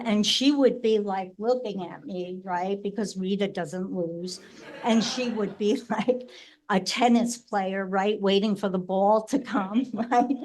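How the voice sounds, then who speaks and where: A woman's voice: medium pitch, takes it slowly, darkish tone. A woman in her sixties from New Jersey telling family stories at a memorial, chatty and laughing, often adding "right?" to her sentences. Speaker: sibling speaking at a memorial. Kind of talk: memorial tribute, personal storytelling.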